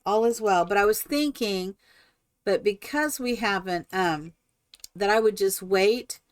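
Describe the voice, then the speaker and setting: A woman hosting a live stream, chatting excitedly and rambling while she builds in a game. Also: medium pitch, a little slow, no echo. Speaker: streamer host.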